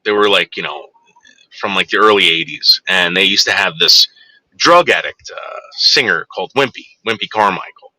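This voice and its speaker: Brief: crude, digressive man in his forties, very bright tone, dry close recording. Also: low-pitched, lively intonation, normal speed, no echo, poor audio. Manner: rambling, crude, digressive, frequent fillers. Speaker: storyteller. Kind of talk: rambling anecdote.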